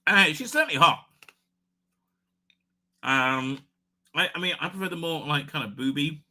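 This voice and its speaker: A man's voice: fairly high pitch, unhurried, sharp tone. A man hosting a casual livestream, rambling crudely with many fillers and tag questions. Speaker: livestream host.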